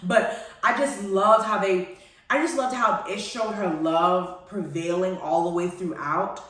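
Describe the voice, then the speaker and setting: A woman hosting a live-streamed TV review chat, gushing and animated and calling her listeners honey and y'all. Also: mid-range voice, a little slow. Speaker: host. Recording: very echoey room, far from the mic.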